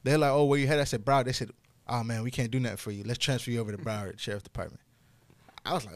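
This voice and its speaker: A young man tells a story in a relaxed podcast chat. He swears freely, and his voice climbs and gets loud when the story turns wild. The sound is dry and close to the mic. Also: medium pitch, racing, no echo.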